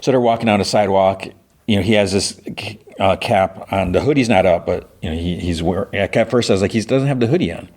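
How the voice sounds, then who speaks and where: Deep-voiced man recapping a TV episode. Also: brisk, darkish tone. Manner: retells scenes, acting out lines with loose impressions. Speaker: podcast host.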